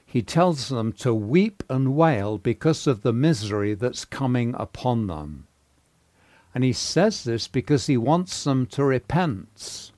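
A man giving a sermon, teaching through a Bible passage in a measured way with pauses and fillers, rising to emphasis on key words. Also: medium pitch, darkish tone, dry recording. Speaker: preacher teaching on a Bible letter.

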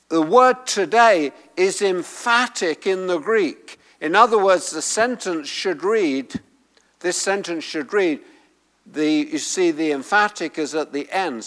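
Male preacher, slow and emphatic, lively pitch, higher voice, church hall reverb. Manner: emphatic, repeats key phrases. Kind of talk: sermon teaching from the Greek text.

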